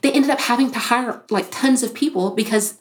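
A woman in her thirties, a podcast guest telling her own story in casual talk, animated, with frequent "like" fillers and acted-out quotes. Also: on the high side, brisk. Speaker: podcast guest, business founder.

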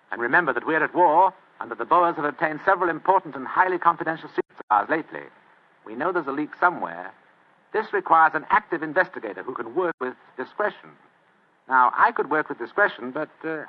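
An actor playing a wry male government official who speaks dryly and dictates with pauses. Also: a little high, very animated. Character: Holmes's elder brother, wry male official. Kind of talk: 1950s radio drama acting. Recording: thin phone-like old radio recording.

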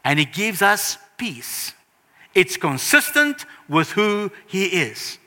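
A man preaching a sermon with a high, bright, penetrating voice. He talks earnestly and emphatically, and his voice often rises sharply. The sound rings on in a large reverberant hall. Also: sing-song, takes it slowly.

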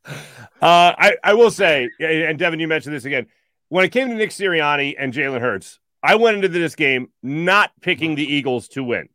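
Guy with a high voice breaking down football, dry close sound. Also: lively intonation, normal speed, sharp tone, dry recording. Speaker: podcast host. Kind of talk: casual sports talk.

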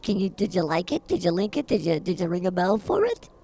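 A woman's voice: lowish voice, very animated, a little fast, mellow. A woman co-hosting a comedy podcast, feisty and mock-combative in her banter. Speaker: podcast co-host.

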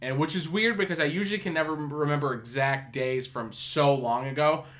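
A man's voice: a little high, a little fast, a bit bright. A man hosting a podcast in casual chat, rambling with lots of fillers and swearing. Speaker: podcast host.

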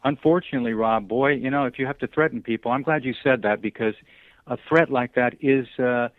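A man being interviewed over the phone, talking earnestly and haltingly, with many fillers and restarts. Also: medium pitch, dry recording. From Southern California. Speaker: guest. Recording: dry, tinny phone line.

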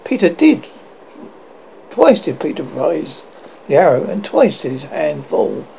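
A narrator reading a storybook aloud, halting now and then with restarts, in a dull lo-fi recording. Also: mid-range voice, sing-song, gravelly, slight background noise.

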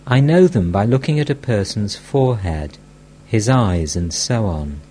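A man's voice: lowish voice, animated, unhurried, dark tone, slight background noise. A man reading the part of an elderly mystic teacher who scolds bluntly and speaks with affection.

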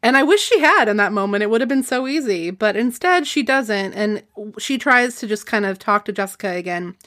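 A woman's voice: medium pitch, lively intonation, a little fast, fairly bright tone. A woman hosting a casual book discussion, chatting and reading passages aloud. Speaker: podcast host.

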